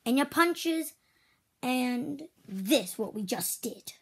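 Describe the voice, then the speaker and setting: A woman voicing a strict female toy karate teacher in make-believe play, switching between loud drill shouts and whispers. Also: high-pitched, lively intonation, takes it slowly, gravelly, slightly rough, heavily acted. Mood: bossy.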